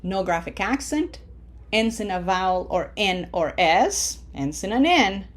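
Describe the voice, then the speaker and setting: Woman, language teacher, slow and patient, middle pitch, step-by-step drills. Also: very animated. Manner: patient, repeats drills step by step, slows down to model words. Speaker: Spanish teacher. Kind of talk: recorded online lesson.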